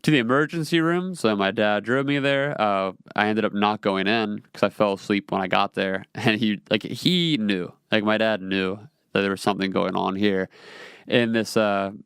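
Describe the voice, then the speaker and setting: Casual low-voiced man telling a story. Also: fairly bright tone, smooth, no room sound, studio quality. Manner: casual, rambling, many fillers and restarts, laughs at himself. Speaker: podcast host. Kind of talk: personal storytelling monologue.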